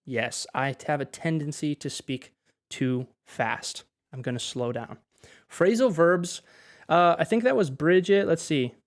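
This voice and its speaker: A man's voice: on the high side, unhurried. Chatty Midwestern man teaching live. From Wisconsin, USA. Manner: chatty, greets viewers by name, switches between English and Spanish. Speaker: English teacher. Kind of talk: livestream language lesson.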